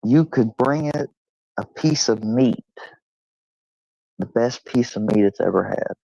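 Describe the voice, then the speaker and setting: A man streaming from home, telling an animated story casually and swearing freely, and cooing at his dog. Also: slow, gravelly, no echo, highs cut off. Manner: animated, swearing, high-pitched when imitating animals; coos at his dog in a high sing-song.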